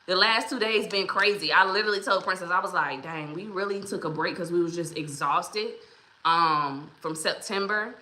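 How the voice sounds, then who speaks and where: A woman with a lowish, sharp-toned voice runs a casual livestream at a moderate pace, calling out viewers by name with chatty encouragement. A roomy echo surrounds the recording.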